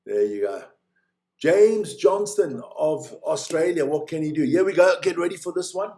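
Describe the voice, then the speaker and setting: A man giving casual, joking live commentary on a snowboard race as host of a watch-along stream, chatty between heats and excitable during the runs. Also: on the high side, moderate pace.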